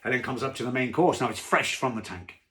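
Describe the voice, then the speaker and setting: A man's voice: mid-range voice, fast talker, sharp tone. A man casually telling a long joke to camera from home, rambling with asides and fillers. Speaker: joke teller. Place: home during lockdown.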